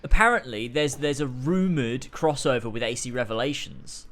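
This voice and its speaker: A man's voice: medium pitch, normal speed, crowd noise. A man co-hosting a podcast, chatting casually and sharing rumours with his friends. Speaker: podcast co-host.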